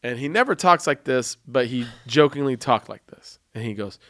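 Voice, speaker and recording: A young man hosting a podcast, talking in a rambling, jokey, animated way. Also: mid-range voice, normal speed, dry recording, clean studio sound. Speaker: podcast host. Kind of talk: casual chat.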